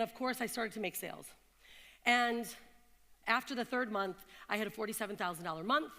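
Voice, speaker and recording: A woman in her thirties giving a motivational talk to an audience, telling stories and asking the crowd questions. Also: a little high. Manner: animated storyteller, asks the crowd questions. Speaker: keynote speaker. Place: event hall in London. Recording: long reverb of a hall.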